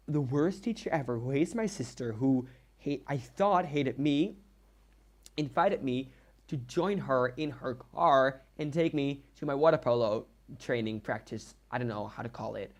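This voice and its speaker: A young man from the Netherlands with a Dutch accent, a native Dutch speaker telling a rambling story in a casual voiceover while he builds in a game, with self-deprecating asides and halting restarts. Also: mid-range voice.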